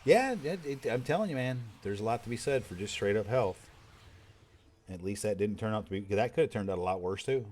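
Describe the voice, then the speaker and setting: Deep-voiced, laid-back, cussing male streamer. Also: animated, fairly quick, darkish tone, slight background noise. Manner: rambling, profane, laid-back. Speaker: game streamer. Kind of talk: casual chat while gaming.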